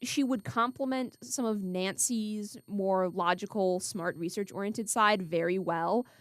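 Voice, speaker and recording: A woman's voice: medium pitch, measured pace, no room sound, clean studio sound. A young woman co-hosting a casual podcast chat, thinking aloud with frequent restarts. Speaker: co-host.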